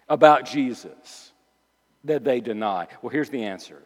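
A male pastor preaching a sermon, moving between quiet reflective asides and loud emphatic declarations, repeating key phrases for emphasis. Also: medium pitch, lively intonation, unhurried, long reverb tail.

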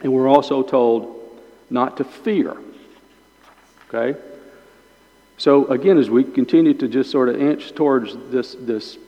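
A man's voice: mid-range voice, a little slow, long pauses. A man teaching a Bible lesson to a small group, thinking aloud and often repeating his words. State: chewing gum in his mouth. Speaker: pastor leading a Bible class. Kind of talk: informal teaching sermon. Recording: dull lo-fi sound with long hall reverb.

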